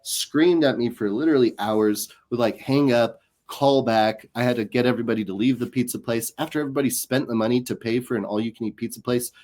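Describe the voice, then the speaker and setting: A man's voice: medium pitch, fast talker, hardly any pauses. A man, a comedian guest on an interview show, telling stories in casual chat and acting out the voices of people he quotes. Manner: animated, acts out quoted voices.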